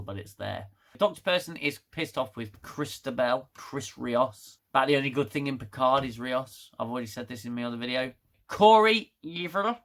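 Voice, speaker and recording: A man reviewing a TV episode in a casual, sarcastic, exasperated rant. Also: mid-range voice. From United Kingdom. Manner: sarcastic, exasperated, laughs loudly. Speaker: TV show reviewer.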